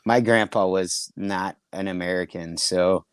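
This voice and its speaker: A man's voice: deep voice, steady tone, measured pace, clean tone, no room sound. A middle-aged man casually telling profane, rambling anecdotes on a comedy podcast, often laughing as he talks. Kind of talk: casual storytelling chat.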